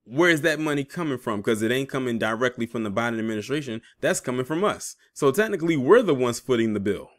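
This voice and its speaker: A young man delivers political commentary in a mid-range voice, reading out news and cutting in with pointed asides. He talks with heavy sarcasm, pushing his pitch up when he stresses a point. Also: animated, fast talker, few pauses. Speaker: commentary channel host.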